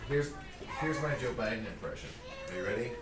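A man's voice: mid-range voice, expressive, fairly quick, background noise. A young man co-hosting a casual podcast, crude and joking in a playful back-and-forth. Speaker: podcast co-host. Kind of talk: casual chat.

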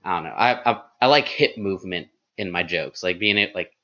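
A flamboyant man talking casually about his stand-up, animated and full of fillers. His voice is lowish but bright and forceful, and the recording sounds slightly dull and lo-fi. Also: a little fast. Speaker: stand-up comedian. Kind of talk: casual chat.

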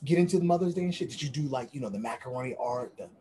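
A man's voice: medium pitch, animated, very fast, warm tone, a little hiss or hum. A man co-hosting a podcast, brash and profane, laughing often. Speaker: podcast co-host. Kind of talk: casual chat.

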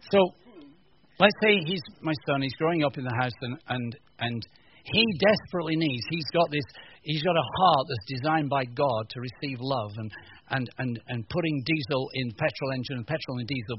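A man from the north of England giving a humorous teaching talk to a live audience, animated and jokey, acting out little scenes. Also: mid-range voice, normal speed, dull audio, a little hiss or hum. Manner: animated, jokey, acts out voices, stammering restarts. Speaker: preacher.

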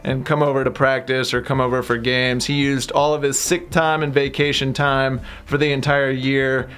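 A man who is an author, a guest in a radio studio, answering interview questions in an earnest, steady storytelling way. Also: mid-range voice, normal speed.

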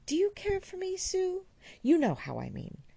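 A woman's voice: very high voice, wildly swooping pitch, normal speed, vocal fry, dark tone, pitched above the performer's own voice, heavily acted. A woman reading aloud and voicing an earnest young man who pleads and is easily wounded.

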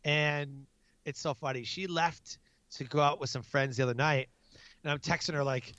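A man in his thirties tells lively stories about his family and acts out his own frazzled outbursts. His voice sits in the middle range. The sound is dry with no room around it, and slightly dull. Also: fairly high pitch, moderate pace, no echo. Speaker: guest; military non-commissioned officer. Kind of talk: casual storytelling interview.

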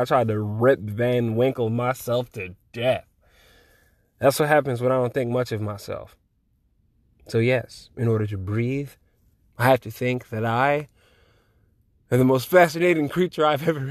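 A man in his twenties chatting alone on his podcast in a loose, rambling way. He swears constantly and laughs easily, and his voice sits at an ordinary pitch. The recording is close and dry, with no room sound. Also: dry recording. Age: 20s. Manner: profane, laid-back and rambling, with frequent laughs. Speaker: podcast host. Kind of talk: casual solo chat.

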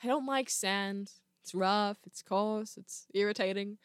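A woman voicing Anakin Skywalker, a young male Jedi, in a quiet, soft, sulky delivery for a fan audio drama. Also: mid-range voice, measured pace, clean tone, dry recording, clean studio sound, close to an everyday voice.

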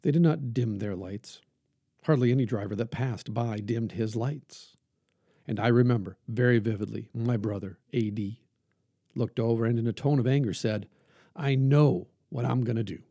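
Male preacher, gravelly and dark-toned, measured sermon reading with building emphasis. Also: medium pitch, dry recording, studio quality. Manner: measured and earnest, halting pauses, rising emphasis when reading. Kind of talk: podcast reflection and sermon reading.

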